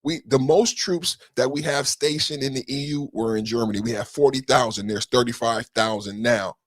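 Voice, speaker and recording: A man hosting a podcast, giving political commentary in an indignant, profane rant that builds into shouting. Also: medium pitch, normal speed, no echo, clean studio sound. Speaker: podcast host.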